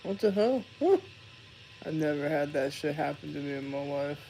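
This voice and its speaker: A man's voice: fairly high pitch, animated, normal speed, vocal fry, a loud crowd, low-quality recording. A young man live-streaming, chatting casually, swearing and laughing as he rambles.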